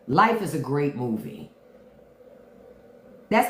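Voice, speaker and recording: A woman hosting a casual livestream, talking in an animated, profane way and repeating lines for emphasis. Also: on the low side, a little slow. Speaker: livestream host. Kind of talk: casual livestream chat about movies. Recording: echoey room.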